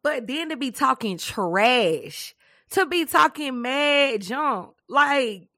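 A woman co-hosting a podcast in casual chat, animated and dramatic, often laughing. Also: high-pitched, takes it slowly, dry recording, studio quality. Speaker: podcast co-host.

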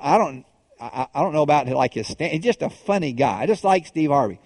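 Guy preaching a sermon, kinda high voice, chatty, keeps restarting, long hall echo. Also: a little mellow, clean studio sound. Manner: conversational preaching with restarts and rhetorical questions. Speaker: pastor.

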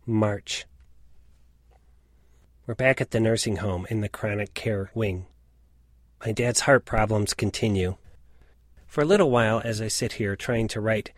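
A man in his late forties reading a reflective personal story in a measured, scripted narration. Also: on the low side, fairly even intonation, dry recording, clean studio sound. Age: late 40s.

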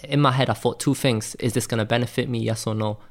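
A Welsh man telling stories in a relaxed interview. His voice has a gravelly, crackly edge and sits at an ordinary pitch. He talks loosely, with plenty of "like" and "man" running through it. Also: quick pace. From Wales. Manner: loose and chatty, full of "like" and "man". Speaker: graphic designer guest. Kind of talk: casual interview storytelling.

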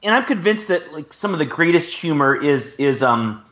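A man co-hosting a podcast speaks in a somewhat high voice. He fills his talk with "like" and "um". The sound comes over a dull, lo-fi remote line. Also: sing-song, moderate pace, fairly bright tone. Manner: filler-heavy, with many "like"s. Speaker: podcast co-host. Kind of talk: casual chat.

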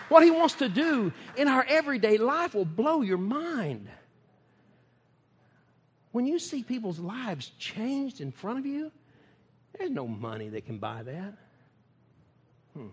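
A man's voice: extremely high pitch, big pitch swings, unhurried, long pauses, slightly rough, long reverb tail. A man, preaching in a folksy, emphatic way and laughing often. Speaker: ministry speaker. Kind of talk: preaching talk.

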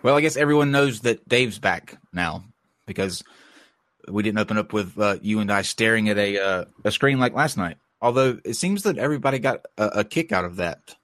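A man's voice: fairly low pitch, animated, moderate pace, fairly bright tone, no echo. A man with a stuffy cold hosting a podcast in casual chat, rambling with lots of fillers and restarts. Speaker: podcast host.

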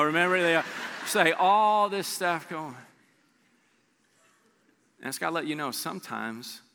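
A man preaching a sermon as pastor, telling a story with animated delivery and dropping to a soft hush for emphasis. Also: mid-range voice, creaky, long reverb tail.

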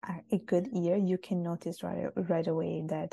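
Young woman guest raised in Italy; gravelly, chatty, dry close sound. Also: on the low side, level tone, normal speed, mellow, no room sound. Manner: chatty, with frequent restarts and "like". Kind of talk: casual interview.

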